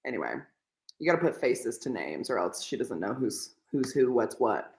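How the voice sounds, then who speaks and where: A woman's voice: a bass voice, very animated, normal speed, darkish tone. A woman co-hosting a casual reading livestream, chatty and rambling, often quoting people in put-on voices. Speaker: podcast co-host. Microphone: video call. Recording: echoey room on a laggy video call.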